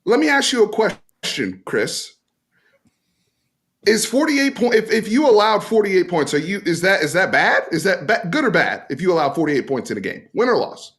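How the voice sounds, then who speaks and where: A high-pitched man argues in a heated sports podcast debate. His voice swings up and down with wide animation as he presses the same question over and over. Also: sing-song, moderate pace, a bit bright. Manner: argumentative, repeats his questions insistently. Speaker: co-host and college football fan.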